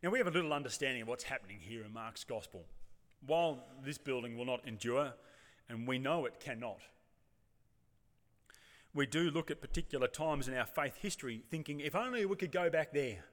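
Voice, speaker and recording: A man's voice: mid-range voice, a little fast, a bit bright. Man preaching in a reverberant church. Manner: reflective, rhetorical, acts out voices of the congregation. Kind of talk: sermon. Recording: long reverb of a church hall.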